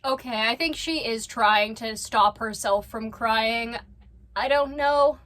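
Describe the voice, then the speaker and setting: A woman's voice: on the high side, slow, fairly bright tone. A woman giving casual reaction commentary as a vlogger, blunt and swearing freely as she talks straight to the person she is watching.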